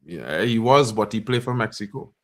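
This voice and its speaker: A man hosting a fan livestream, reacting live to a football match in slangy chat and breaking into loud high yells at big chances. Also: lively intonation, moderate pace.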